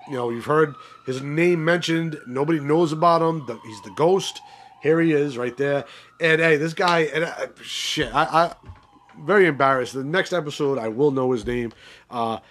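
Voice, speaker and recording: A man hosting a podcast, recapping a crime series in a rambling, profane, casual way with many restarts and fillers. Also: mid-range voice. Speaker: podcast host.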